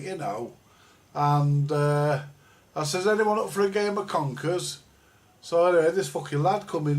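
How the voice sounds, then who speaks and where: A man hosting a live chat, telling a long, rambling, profanity-heavy story from his school days with many restarts and asides. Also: on the high side. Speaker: livestream host.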